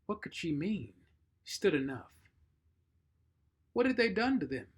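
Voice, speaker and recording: A man reading a short story aloud, measured and expressive. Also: high-pitched, husky. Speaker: narrator.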